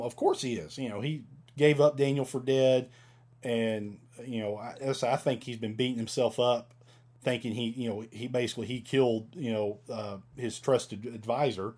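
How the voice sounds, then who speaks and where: A man's voice: medium pitch, normal speed, a little mellow, breathy edge. A man teaching a Bible passage in a casual, conversational way, reading verses and stumbling over archaic words.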